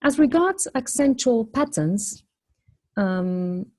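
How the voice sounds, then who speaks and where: A woman lecturing on phonology, explaining step by step in a measured way and posing questions to the class. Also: on the high side, lively intonation, darkish tone.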